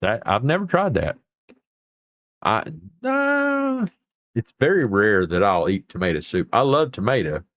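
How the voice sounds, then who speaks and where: Brisk and sing-song with few pauses, this man's voice is on the low side yet fairly bright in tone, with no room sound. He hosts a livestream, reacting to viewer comments in a folksy, rambling manner with mild swearing.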